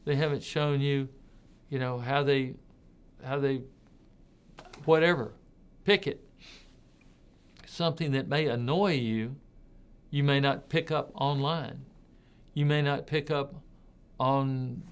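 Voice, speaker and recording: A man's voice: medium pitch, measured pace, long pauses, clear, resonant tone. A man giving an informal talk, speaking conversationally and leaning hard on his key points. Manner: conversational, repeats words while thinking, emphatic on key points. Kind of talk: informal spoken commentary.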